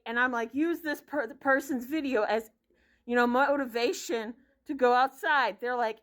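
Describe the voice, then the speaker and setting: Woman, 30s, high-pitched vlogger, blunt profane ranting storyteller. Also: normal speed, fairly bright tone. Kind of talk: casual vlog rant.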